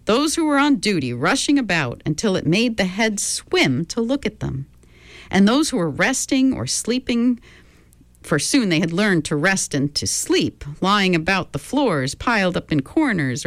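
A woman's voice: medium pitch, sing-song, unhurried, dry recording. A woman reading a storybook aloud, giving each character their own voice.

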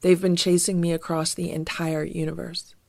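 A woman's voice: lowish voice, flat delivery, normal speed, creaky, a little mellow, dry recording, studio quality. A woman reading a storybook and voicing a nervous male alien cat from outer space, jumpy and easily alarmed. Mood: earnest.

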